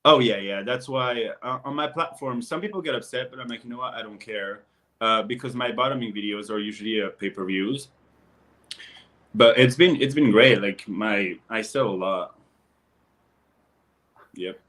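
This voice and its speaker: A young man with a French accent, a guest telling stories in blunt, profane, animated casual chat full of fillers. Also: mid-range voice, moderate pace, long pauses. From France.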